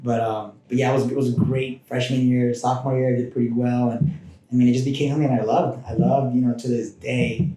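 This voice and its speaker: A man tells stories from his past in a loose, rambling way, often restarting his sentences and breaking off into asides. His voice is mellow and low in brightness. The room around him is noticeably echoey. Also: level tone, brisk. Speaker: podcast guest. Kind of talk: casual personal storytelling. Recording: roomy echoing room.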